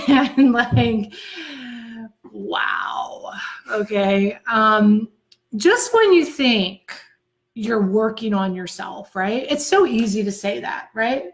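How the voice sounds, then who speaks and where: A woman's voice: a little high, animated, drawn-out words. A woman chatting on a live stream from home, telling a story in a chatty, self-mocking way. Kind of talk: casual live-stream chat.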